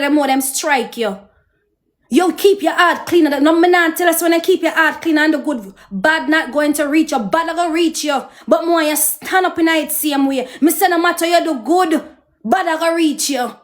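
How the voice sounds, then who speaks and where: A woman with a Jamaican accent and a high voice tells her viewers about her life. She talks straight to them, emotional and preachy, like a personal testimony. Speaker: host.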